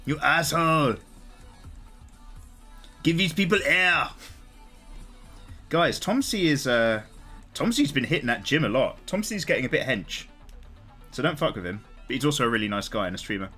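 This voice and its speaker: A man's voice: medium pitch, fairly bright tone. A man chatting casually on a live stream while he draws, greeting viewers and swearing freely.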